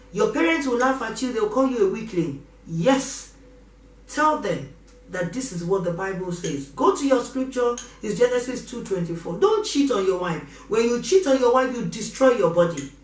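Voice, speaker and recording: Impassioned woman preacher, roomy and distant. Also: fairly high pitch. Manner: impassioned, repeats exhortations. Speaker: pastor. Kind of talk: preaching sermon.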